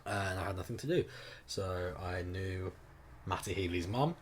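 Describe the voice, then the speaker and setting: A man's voice: low voice, moderate pace, a little hiss or hum. A man co-hosting a podcast, rambling through a story in casual chat with lots of fillers. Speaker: podcast co-host.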